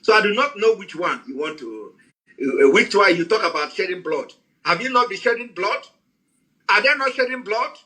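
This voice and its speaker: A man giving a heated, scolding address to listeners on an audio space, shouting as he speaks. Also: high-pitched, animated, moderate pace, rough recording.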